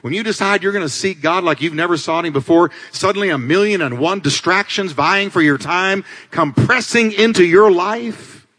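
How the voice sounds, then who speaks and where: Male pastor, dramatic sermon delivery, bright and animated, reverberant sanctuary. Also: fairly quick, hardly any pauses. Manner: dramatic preaching, swings between loud climaxes and low asides. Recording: long hall reverb.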